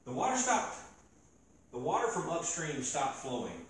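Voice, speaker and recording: An animated man preaching a casual sermon and joking with his listeners. His voice sits fairly high and is picked up from a distance. A big, echoey hall with a faint hiss surrounds him. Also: moderate pace. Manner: animated, joking, talks to the crowd. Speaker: youth preacher. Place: church gathering hall.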